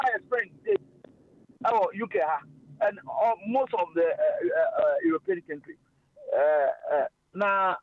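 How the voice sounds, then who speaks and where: A high-voiced man chats on a radio stream, animated and loose, with plenty of filler sounds. The sound is dull and lo-fi. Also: dry recording. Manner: animated, mixing languages, frequent fillers and laughs. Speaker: radio host. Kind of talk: casual radio talk.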